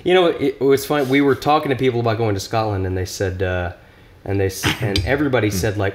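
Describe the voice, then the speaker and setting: A man's voice: fairly low pitch, quick pace, a little hiss or hum. Young man, podcast guest, casual, rambling, frequent laughs. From Nashville area, US. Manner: rambling, laughs often, many restarts. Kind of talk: casual chat.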